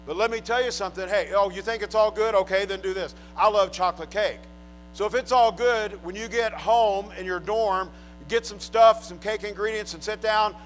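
High-pitched preacher guy, emphatic sermon, goes quiet then loud, cracks jokes. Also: brisk, faint music behind, rough recording. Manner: emphatic, swinging from hushed to loud, joking.

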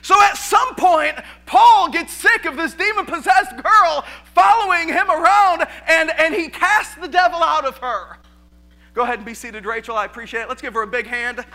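A pastor preaches to his congregation with animated energy. His voice is very high and strikingly bright. He doubles up words as he goes and laughs easily. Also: moderate pace. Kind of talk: sermon.

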